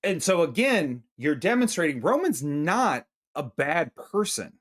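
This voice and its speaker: A man co-hosting a comedy movie review podcast, with a voice a bit higher than most men's. He chats loosely and swears often. He keeps throwing in quick asides as he talks. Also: very animated, a bit bright. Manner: profane, chatty, quick asides. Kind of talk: casual chat.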